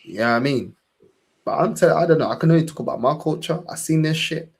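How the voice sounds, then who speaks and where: Young London man, fan-show host, husky, impassioned and profane. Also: on the high side, quick pace. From England. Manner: impassioned, swearing, repeats "bro". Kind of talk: casual podcast chat.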